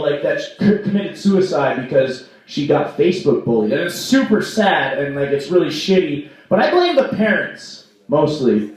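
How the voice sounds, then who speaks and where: A man's voice: high-pitched, a little mellow. A young man performing a rambling stand-up set at an open mic in a small bar, with lots of "like" and mock outrage. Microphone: stage microphone. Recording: echoey room, voice from far off.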